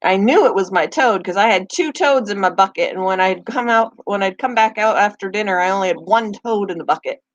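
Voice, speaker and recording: A woman's voice: medium pitch, brisk, hardly any pauses, no echo, lo-fi sound. A woman hosting a pet channel in a rambling, casual live chat. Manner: chatty, rambling, talks to her pets in between.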